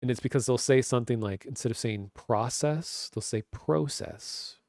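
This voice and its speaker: A man's voice: mid-range voice, brisk, darkish tone, no echo, studio quality. Rambling Minnesotan man chatting on stream. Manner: rambling, many "like" fillers. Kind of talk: casual chat. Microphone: webcam stream mic.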